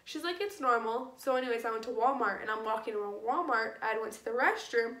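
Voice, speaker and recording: A young woman with a slightly high voice tells her story casually, full of slang and repeating herself. She sits a little back from the mic in a roomy, echoing space. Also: quick pace, fairly bright tone, recorded from a distance. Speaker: vlogger.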